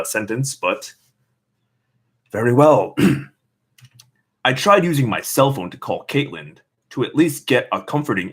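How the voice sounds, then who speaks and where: A man's voice: mid-range voice, a bit bright, husky. A man reading a novel aloud and breaking off for sarcastic comments on the text. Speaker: reader.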